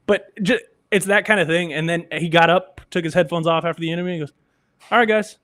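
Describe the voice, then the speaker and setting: A man who works as a radio engineer, a guest on a sports podcast, telling anecdotes in a lively way and acting out other people's lines. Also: on the high side, quick pace, no echo, clean studio sound. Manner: animated anecdotes, acts out quoted voices. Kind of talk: casual storytelling.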